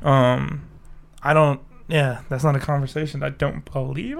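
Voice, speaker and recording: A man's voice: a little high, steady tone, measured pace, creaky. A young man co-hosting a casual podcast, joking with a lot of swearing and frequent laughter while under the weather. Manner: profane, joking, laughs often. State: sick. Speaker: podcast co-host. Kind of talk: casual chat. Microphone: desk mic.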